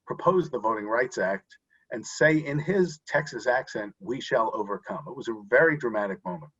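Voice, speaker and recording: A muffled video-call recording carries an interview answer from a male voting rights expert, who explains earnestly but keeps restarting. He speaks at medium pitch with a fairly bright tone and a breathy edge.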